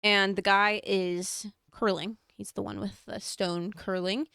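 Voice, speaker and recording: A woman's voice: mid-range voice, little pitch movement, measured pace, creaky, bright, forceful tone, smooth, no room sound, studio quality. A woman co-hosting a casual podcast chat, playful and teasing, laughing along with her co-host.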